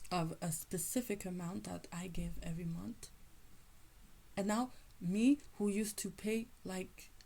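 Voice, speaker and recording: A young woman giving a casual, emphatic spiritual testimony with a husky voice that often drops to a whisper. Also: lowish voice, dark tone, a little hiss or hum, poor audio. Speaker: testifying believer.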